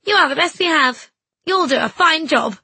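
A woman voicing an eager, encouraging village organist who calls out high and loud in an audiobook. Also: animated, normal speed, no room sound. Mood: cheering. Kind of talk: audiobook character voice.

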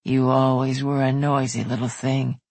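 An audiobook narrator voicing a rugged, lustful young man who speaks in low murmurs and breathless, urgent bursts. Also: little pitch movement, moderate pace, a little mellow, no room sound, natural voice. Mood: murmuring.

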